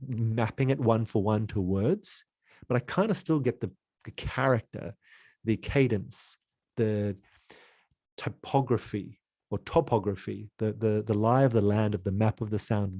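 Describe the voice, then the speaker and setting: A man's voice: lowish voice, a little slow, dark tone, dry recording. A man teaching an online creativity lesson in a playful, exploratory way, jumping into sounds and voices.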